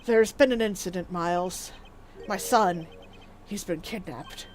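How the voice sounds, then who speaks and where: A woman voicing a worried older man who pleads for help in a slow, solemn, halting way. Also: fairly low pitch, a little mellow, slight background noise, pitched below the performer's own voice, lightly acted. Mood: grave, pleading.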